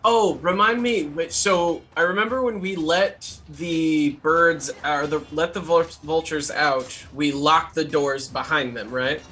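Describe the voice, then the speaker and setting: A man's voice: on the high side, measured pace, hardly any pauses, pushed and bright. A man playing in a tabletop game, chatting casually and asking questions to check details. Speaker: player.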